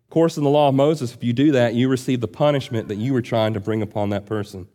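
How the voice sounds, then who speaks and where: A man's voice: medium pitch, quick pace, warm tone. A man preaching a sermon, reading scripture aloud and explaining it in an earnest, emphatic way. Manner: earnest, emphatic teaching with rising and falling delivery.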